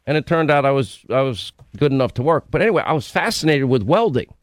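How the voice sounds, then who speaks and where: A man's voice: mid-range voice, animated, fast, few pauses, no room sound, clean studio sound. Chatty middle-aged radio host man. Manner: chatty, storytelling, interrupting. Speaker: radio talk show host. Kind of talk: call-in radio talk.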